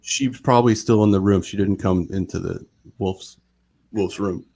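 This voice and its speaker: A man with a very low, gravelly voice recounts a personal story in a loose, rambling way. He keeps stopping to act out what other people said, and his sentences pile up with false starts as he goes. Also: normal speed. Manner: rambling, animated retelling with quoted voices. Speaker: guest storyteller. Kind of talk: casual storytelling on a live show.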